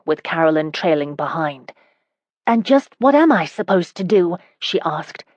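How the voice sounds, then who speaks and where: A woman narrating a historical romance audiobook in a steady, even storytelling manner. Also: sits low, dry recording, dull audio.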